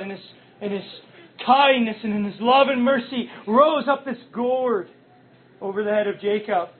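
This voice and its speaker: A man preaching an impassioned sermon, his loudness rising and falling sharply as he speaks. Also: sits high. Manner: impassioned, with big swings in loudness. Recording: tinny phone-like sound.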